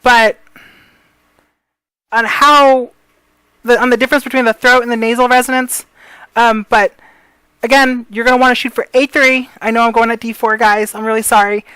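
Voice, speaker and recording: A woman's voice: a little high, level tone, a little fast, fairly bright tone, clear, resonant tone, dry recording, poor audio. A woman giving a casual voice tutorial, rambling with many fillers. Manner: rambling, filler-heavy, apologetic. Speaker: voice coach.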